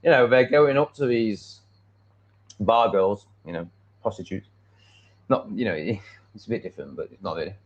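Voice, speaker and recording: A man's voice: on the low side, moderate pace, long pauses. English male streamer, loose and profane, trips over his own sentences; slightly muffled recording. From England. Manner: swears freely, restarts sentences, laughs often. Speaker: live streamer. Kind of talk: rambling live-stream chat, reacting to comments.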